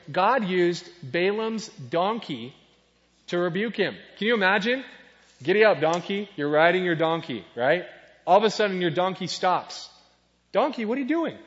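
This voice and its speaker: A man preaching a lively sermon, joking and firing questions at his audience. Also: high-pitched. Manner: playful, jokey, asks the audience questions. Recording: dull sound in a reverberant hall.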